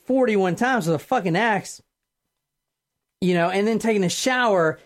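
A woman hosting a podcast, telling a true-crime story in a casual, animated way, swearing freely. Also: mid-range voice, normal speed. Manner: animated, profane, acts out quotes. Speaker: podcast host.

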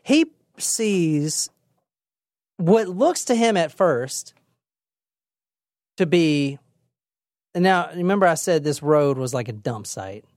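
A young adult woman hosting a casual true crime podcast, telling the story in a lively, chatty way with swearing and acted-out quotes. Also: low voice, slow pace, pauses often, dry recording, studio quality. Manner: lively, swearing, laughs often, acts out quotes. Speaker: podcast host.

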